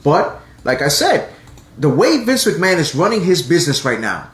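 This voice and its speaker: Animated man in an echoey room. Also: a little high, moderate pace. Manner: animated, talks over his co-host. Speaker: podcast host. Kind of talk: casual live-stream chat.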